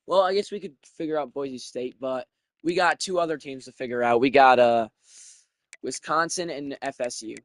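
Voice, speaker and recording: A young man giving casual, profane commentary while playing a video game, thinking out loud and getting excited. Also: medium pitch, moderate pace, no room sound. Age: young adult.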